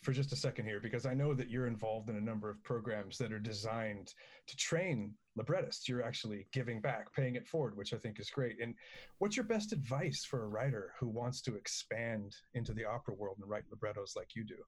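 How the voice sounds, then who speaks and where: A man's voice: on the low side, fairly quick. A man hosting an interview, asking friendly, complimentary questions. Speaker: podcast host.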